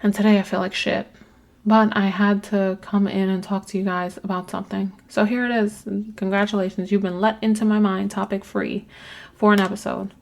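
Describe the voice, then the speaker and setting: A woman's voice: mid-range voice, level tone, moderate pace, gravelly. A woman hosting her own podcast, talking candidly in a rambling personal monologue, swearing casually and trailing off mid-thought. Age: adult with children. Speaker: podcast host.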